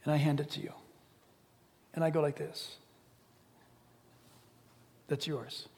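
A man's voice: a little high, fairly quick, long reverb tail. A male pastor preaching a sermon animatedly, acting out imagined conversations and dropping to whispers. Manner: animated, acts out both sides of imagined dialogues, drops to whispers.

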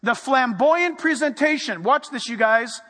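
A man preaching a sermon, animated and playful, dropping to a hush for emphasis. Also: very high voice, measured pace, in a large hall. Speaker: pastor.

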